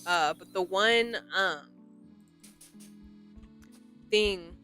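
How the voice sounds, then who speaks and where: A woman's voice: medium pitch, extremely slow, pushed and bright, faint music behind. A young woman chatting casually while playing a game, rambling and self-deprecating with many restarts. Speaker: gaming streamer.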